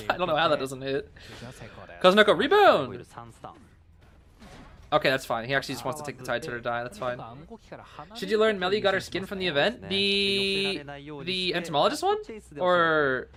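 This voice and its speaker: A young man giving casual live commentary on a tournament match as a streamer, excitable, cheering players and answering chat. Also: on the high side, moderate pace, a crowd in the background.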